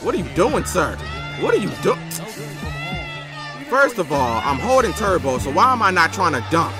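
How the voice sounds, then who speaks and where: A young man commentating his own basketball video game, loud and exasperated, yelling and swearing at the players. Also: high voice, big pitch swings, normal speed. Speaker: gaming YouTuber. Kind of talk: live gameplay commentary. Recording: game music behind the voice. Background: game music and basketball commentary.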